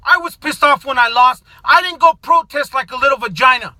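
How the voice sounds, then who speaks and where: A middle-aged man from the United States rants furiously to his viewers, swearing and often breaking into shouts. His voice sits unusually high and sounds sharp and bright. The recording is dry, with no room echo. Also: fairly quick. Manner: profane, shouting, confrontational. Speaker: vlogger. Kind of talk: angry political rant to camera.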